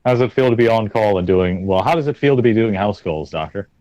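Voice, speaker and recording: Sardonic man with a low voice. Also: lively intonation, fast, mellow, highs cut off. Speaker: player. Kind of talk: playing a tabletop game.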